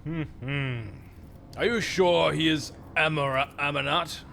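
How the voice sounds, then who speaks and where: A man's voice: fairly high pitch, gravelly, a little hiss or hum. A man streaming a game with friends, chatting casually and reading story text aloud. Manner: lively, reads narration slowly and deliberately.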